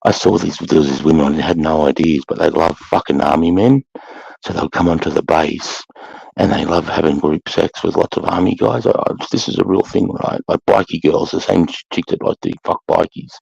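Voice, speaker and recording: A middle-aged Australian man with a very deep, gravelly voice tells stories bluntly and profanely. His tone is husky. The recording is dry and sounds dull and lo-fi. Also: steady tone, fairly quick, a little mellow, dry recording. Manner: blunt, profane, swaggering storyteller. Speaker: podcast co-host, former army sergeant. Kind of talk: casual chat, storytelling.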